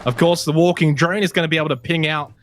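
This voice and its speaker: Excitable high-voiced male esports caster. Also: fast talker. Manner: excitable, shouting at big plays. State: losing his voice. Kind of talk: play-by-play commentary.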